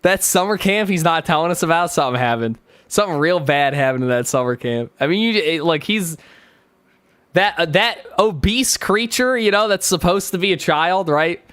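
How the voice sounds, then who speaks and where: Sarcastic high-voiced male streamer. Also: lively intonation, moderate pace, a bit bright, clean tone, no room sound. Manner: sarcastic, mocking, joking asides. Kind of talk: live reaction stream commentary.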